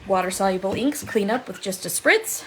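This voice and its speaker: A woman's voice: mid-range voice, animated, normal speed, background noise. Chatty upbeat woman hosting a craft stream. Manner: chatty and upbeat, laughs often. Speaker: crafting livestream host. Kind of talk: live crafting demo, chatting with viewers. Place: seated at a home craft desk.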